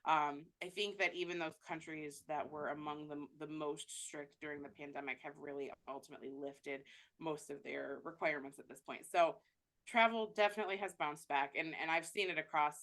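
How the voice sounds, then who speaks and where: A woman's voice: low-pitched, fairly even intonation, normal speed, a bit bright. A woman travel agent answering interview questions in a chatty way, with many fillers and restarts.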